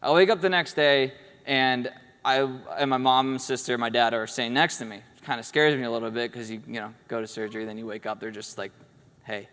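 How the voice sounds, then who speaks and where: A man's voice: medium pitch, fairly even intonation, a little fast, fairly bright tone, clear, resonant tone. A young man telling a personal story in a casual, wry, matter-of-fact way, in a large hall. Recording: long hall reverb.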